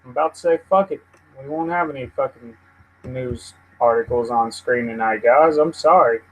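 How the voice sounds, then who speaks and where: This easily frustrated livestream host rambles through a casual live news show, cursing and venting at his computer. He has a mid-range voice at normal speed, and the audio is poor.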